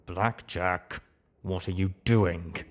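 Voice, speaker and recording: Reader's near-own voice for a dry, sardonic pony sidekick in the audiobook. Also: male voice, low-pitched, fairly even intonation, slow. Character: dry, wary male pony companion. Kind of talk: audiobook reading.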